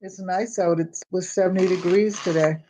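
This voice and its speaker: A woman's voice: on the low side, fairly even intonation, normal speed, mellow, slight background noise. An older woman chatting casually with live viewers in her home kitchen, rambling and greeting them by name. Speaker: home vlogger. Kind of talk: casual live-stream chat while cooking.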